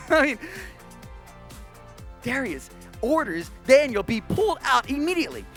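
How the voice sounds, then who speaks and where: American guy doing kids church storytime, playful and animated, silly roars, some music low behind him. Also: measured pace. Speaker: children's pastor. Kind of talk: kids' Bible storytelling.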